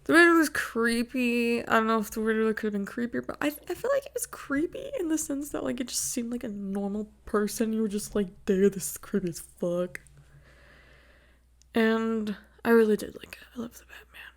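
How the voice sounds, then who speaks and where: A young woman hosts her own podcast, gushing and chatting casually, laughing a lot and swearing freely, on a new desk mic without a windscreen. Her voice is on the high side, animated and creaky, and she talks a little fast with few pauses.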